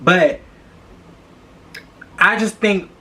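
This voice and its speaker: Speaking extremely slowly, this young podcast host covers celebrity gossip in a casual, blunt, profane, animated style, hammering his points through repetition. His forceful, bright voice sits fairly high for a man.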